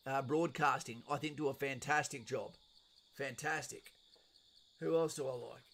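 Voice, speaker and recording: Gravelly Australian man chatting live. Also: medium pitch, a bit bright. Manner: blunt, chatty, swears casually. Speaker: live stream host. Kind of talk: casual live stream, reading and answering chat.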